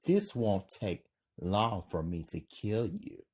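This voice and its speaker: A man voicing a calm, soft-spoken male killer with a husky voice, read as part of a story. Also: lowish voice, slow, heavily acted. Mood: calm menace.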